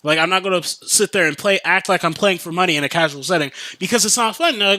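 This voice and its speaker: A young man rambles excitedly through a casual solo podcast, piling up filler words as he goes. His voice sits a little high and rings bright and forceful. The sound is close and dry, with no room around it. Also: fairly quick, few pauses, dry recording. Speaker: podcast host.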